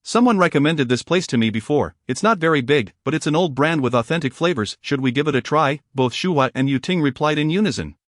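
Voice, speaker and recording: A man narrating a romance novel in a steady, even reading voice, voicing all the characters himself. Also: a little high, fast talker, few pauses, no room sound, studio quality. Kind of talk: scripted audiobook narration.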